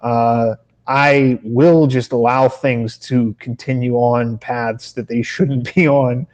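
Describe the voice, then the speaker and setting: A man co-hosting a podcast, chatting casually at a middle pitch. He rambles through his stories, swears freely and keeps breaking off to restart his sentences. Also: fairly even intonation, takes it slowly, a little mellow. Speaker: podcast co-host. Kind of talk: casual chat.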